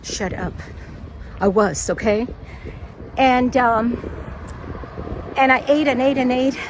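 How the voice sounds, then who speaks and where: A woman from Cuba with a Cuban Spanish accent, a native Spanish speaker, chatting in a rambling, excitable way and often cutting herself off as she walks a lakeside path, talking into a handheld phone. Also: fairly high pitch, slow, poor audio. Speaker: vlogger. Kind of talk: casual walking vlog. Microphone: phone held while walking. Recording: outdoor traffic noise.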